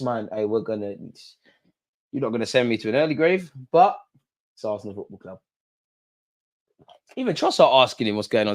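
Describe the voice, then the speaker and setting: Excitable man doing match commentary. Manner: excitable, shouting at the referee, swinging between loud outbursts and low muttering. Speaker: fan channel host. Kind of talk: live match watch-along commentary.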